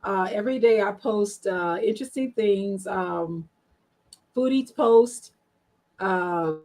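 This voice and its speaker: A woman's voice: mid-range voice, slow pace, darkish tone, poor audio. A woman guest on an online panel show, chatty and frank, telling her story with many fillers. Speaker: guest, marketing strategist.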